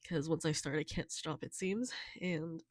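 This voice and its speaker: A young woman talking softly and haltingly in a personal vlog, tearful and emotional, with many fillers. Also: low-pitched, no room sound, clean studio sound. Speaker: vlogger.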